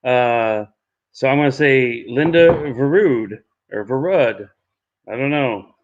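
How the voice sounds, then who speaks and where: A man working as an auctioneer on a livestreamed benefit auction, repeating bid calls in a steady chant and cracking jokes in between. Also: medium pitch, takes it slowly, highs cut off, a little hiss or hum. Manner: repetitive bid-calling chant with joking asides.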